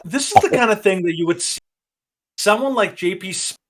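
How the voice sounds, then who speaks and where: A man's voice: sits high, expressive, fairly quick. A man hosting a podcast, giving rambling, opinionated commentary with frequent restarts. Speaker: podcast host.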